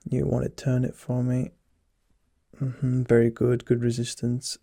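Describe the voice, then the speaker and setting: A soft, husky young man in a whispered role-play as a teasing doctor. His low voice has a gravelly edge and a dark, mellow tone, and it stays close and dry on the mic. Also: completely flat delivery, unhurried, no room sound.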